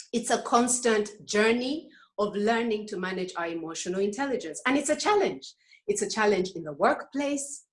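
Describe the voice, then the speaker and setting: A middle-aged woman gives a lively talk on emotional intelligence over a video call, acting out little scenes and asking the audience questions. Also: a little high. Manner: animated, acts out voices and asks the audience questions.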